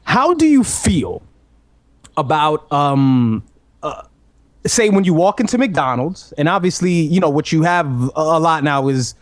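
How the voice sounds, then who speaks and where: Ranting man, a bit high, very dry. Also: sing-song, unhurried, dry recording. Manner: opinionated, ranting, swears. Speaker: podcast host. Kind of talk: casual chat.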